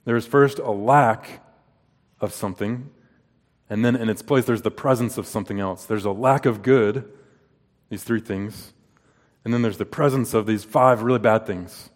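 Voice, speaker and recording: The sermon comes from a pastor in his thirties whose voice is on the low side and moderately paced. Earnest throughout, he tells personal stories and asks rhetorical questions, all echoing with the long reverb of a big hall.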